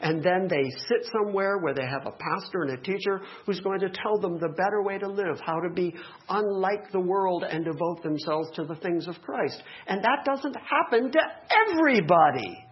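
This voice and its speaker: Animated high-voiced male preacher. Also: normal speed. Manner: animated preaching with joking asides. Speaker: pastor. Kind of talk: sermon. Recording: dull lo-fi recording.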